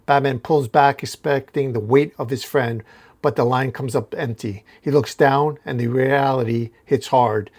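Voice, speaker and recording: Brief: male host retelling a comic issue, casual and descriptive, medium-pitched voice. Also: fairly even intonation, unhurried, a little mellow. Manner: recounts panel by panel, casual restarts. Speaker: comic book recap host.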